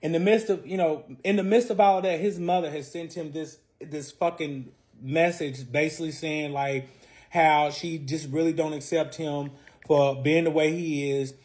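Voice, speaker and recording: A man telling a long personal story in a casual vlog, animated and profane, his voice jumping from loud bursts to quiet asides. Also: a little high, normal speed.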